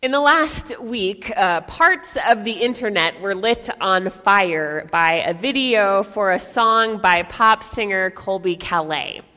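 A woman pastor leading a prayer and starting a sermon in a deliberate manner. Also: medium pitch, lively intonation, bright, forceful tone, in a large hall. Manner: slow, deliberate.

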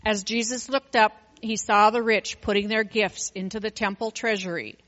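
A woman reading a Bible passage aloud in a measured, steady way. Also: mid-range voice, big-room sound, muffled recording. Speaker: scripture reader. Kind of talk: scripture reading.

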